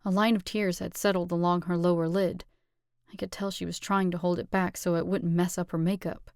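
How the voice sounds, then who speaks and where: A woman narrating an audiobook with expressive, steady storytelling. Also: fairly low pitch, brisk, smooth, dry recording, clean studio sound. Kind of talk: scripted narration.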